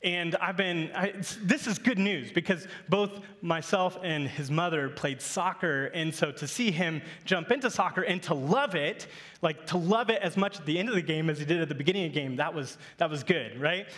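A man's voice: fairly high pitch, normal speed, a bit bright. A male pastor in his thirties giving a sermon, telling a playful family story to his congregation.

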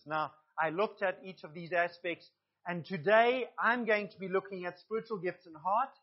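A man's voice: fairly high pitch, lo-fi sound. A male pastor preaching a sermon to his congregation, earnest, with asides to the listeners.

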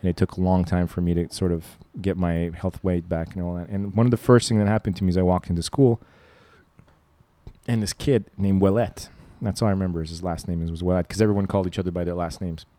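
A man's voice: low-pitched, little pitch movement, fast talker, mellow, no room sound. A man chatting on a podcast in a studio, telling jokey stories. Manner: storytelling, jokey, slips into put-on voices. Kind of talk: casual chat. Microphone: studio mic.

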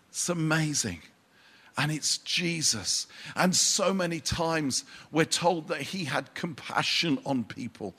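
A man preaching a sermon, unhurried and pausing for emphasis, with dry asides. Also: fairly high pitch, fairly bright tone.

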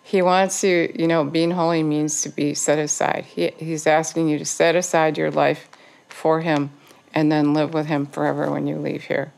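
A woman with a low voice preaches a sermon with earnest urgency. Her voice has a gravelly, creaky edge, and she drives her points home by repeating them. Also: flat delivery, normal speed, darkish tone. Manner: earnest, exhorting, repetitive phrasing.

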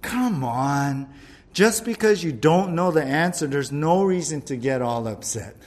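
A man's voice: a little high, lively intonation, a little slow, darkish tone. A man voicing a boastful male lion in a joke, roaring out his question. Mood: sulky. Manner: roaring, bossy, then sulky.

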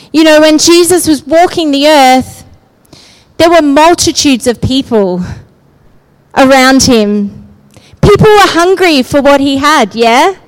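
Aussie woman preaching, super high voice, slow and chatty, keeps asking the room "yeah?". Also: poor audio. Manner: conversational, often checking in with the listeners. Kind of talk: sermon.

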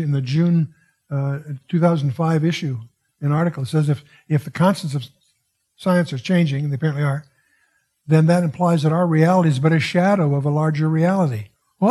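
A man's voice: a little high, darkish tone, breathy edge. A man giving expository Bible teaching in a digressive, musing way, often breaking off with "wow" and restarting his sentences.

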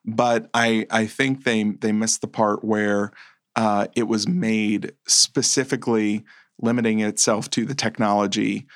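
Unhurried and flat, with a voice on the low side, he's a co-host on a movies podcast having a relaxed chat. He rambles, self-corrects, and chuckles frequently, captured in a dry, studio-quality recording.

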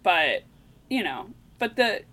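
A woman's voice: mid-range voice, sing-song, slow pace, fairly bright tone, slight background noise. A woman co-hosting a podcast in casual chat, with playful, teasing banter. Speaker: podcast co-host.

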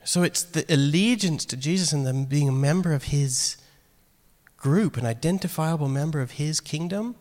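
A man preaching a sermon in a casual, animated way, acting out quoted lines. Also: fairly high pitch, moderate pace. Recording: long hall reverb.

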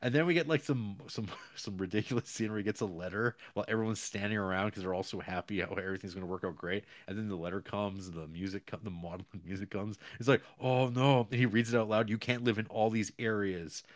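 A man co-hosting a casual film podcast, rambling and acting out characters in quick voices. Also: fairly low pitch, fairly even intonation, dry recording. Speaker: podcast co-host. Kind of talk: casual chat about a film.

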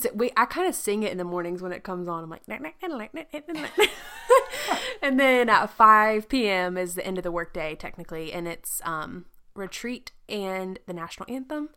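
Giggly, chatty young woman, lowish voice. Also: normal speed, bright, forceful tone, clear, resonant tone. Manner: chatty, laughs often, slips into playful sound effects. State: pregnant. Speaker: podcast host. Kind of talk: casual chat.

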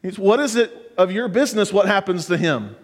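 A man's voice: sits high, lively intonation, fairly quick. A middle-aged man preaching a sermon as pastor, earnest and building to fervent exhortation. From United States. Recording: long hall reverb.

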